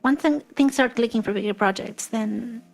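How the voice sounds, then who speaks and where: A guest interviewer with a fairly high voice asks questions and rambles through her answers in a casual chat. She often clears her throat and fills pauses with plenty of fillers, with faint music playing behind her.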